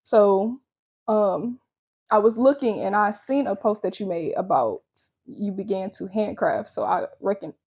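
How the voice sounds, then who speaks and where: An upbeat woman hosts a casual interview. Her voice has a husky edge, and she laughs easily between her questions. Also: mid-range voice, unhurried, a little mellow. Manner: upbeat, bubbly, laughs often. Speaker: host.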